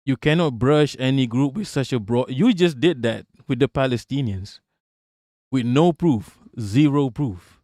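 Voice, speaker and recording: On his livestream, a man rants casually about politics, swearing, mocking, circling back over the same points and laughing a lot. He speaks unhurriedly in a medium-pitched, dark voice, recorded dry at studio quality.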